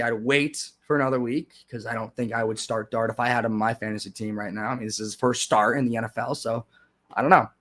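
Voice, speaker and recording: A young man hosting a live stream, chatting casually and sarcastically, with frequent restarts and sudden loud rants. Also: mid-range voice. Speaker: livestream host.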